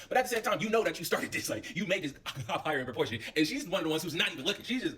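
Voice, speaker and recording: Animated young man telling a story fast. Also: a little high, distant mic, a little hiss or hum. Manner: animated, swearing slang-heavy storytelling. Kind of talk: casual storytime.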